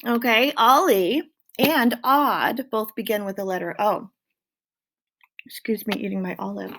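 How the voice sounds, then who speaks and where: A woman with a mid-range, slightly bright voice teaches young children phonics. She speaks slowly and clearly, stretching out the sounds encouragingly.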